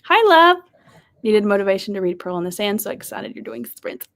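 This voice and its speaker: A bubbly woman chats at a desk mic as she hosts a live reading stream, her voice swinging widely between high and low. She laughs easily, speaks warmly to viewers, and now and then slips into a soft whisper. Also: very animated, brisk. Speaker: livestream host of reading sprints. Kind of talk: casual livestream chat, reading chat messages aloud.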